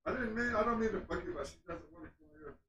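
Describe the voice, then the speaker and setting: A man's voice: high-pitched, racing, bright, forceful tone, slightly rough, lo-fi sound. A man stepping in with a hesitant, apologetic aside to the streamer.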